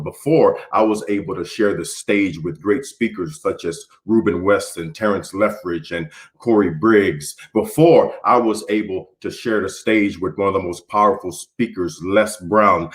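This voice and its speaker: Low-voiced man giving a motivational speech. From Houston, Texas. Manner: preacher-like build-ups, repeating phrases and swinging from soft to forceful. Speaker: motivational speaker.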